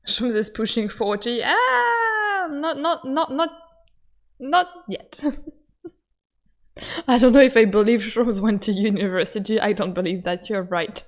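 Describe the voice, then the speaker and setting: A young woman commenting excitedly while playing a game, gushing and laughing often. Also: a little high, slow, pauses often. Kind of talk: excitable let's-play commentary.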